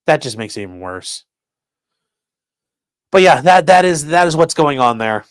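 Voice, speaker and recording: A man's voice: fairly high pitch, sing-song, normal speed, dry recording. A man hosting a casual crime livestream, sarcastic and profane, mocking his subjects and reading out chat comments. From rural area. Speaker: livestream host.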